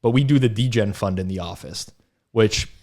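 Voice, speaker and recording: A man co-hosting a sports betting podcast, telling stories in a casual, animated way, laughing often and acting out what people said. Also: on the low side, moderate pace. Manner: animated storyteller, laughs often, acts out quotes. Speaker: podcast co-host. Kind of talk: casual chat.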